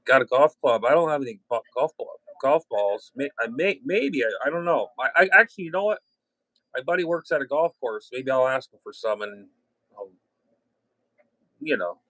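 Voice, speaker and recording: A middle-aged man talks loosely on a ham radio chat, wandering from one story to the next with false starts and the odd curse. His voice sits at an ordinary pitch and is recorded dry, with no room sound around it. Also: expressive, normal speed, fairly bright tone, dry recording, rough recording. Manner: rambling, chatty, with restarts and mild cursing.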